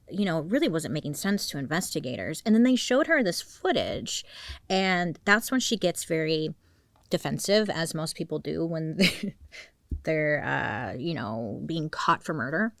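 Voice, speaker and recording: A woman's voice: low voice, no room sound, studio quality. A woman telling a true crime story in a casual, slangy way, often dropping into dramatic whispers.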